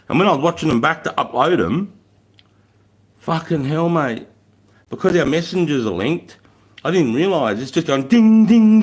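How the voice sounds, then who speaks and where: A laid-back middle-aged Australian man chatting on a livestream from home. He swears without a second thought, laughs easily and reads viewer comments aloud in a mid-pitched, everyday voice. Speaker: livestream host. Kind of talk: casual livestream chat reading out viewer comments. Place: indoors at home by a wood fire.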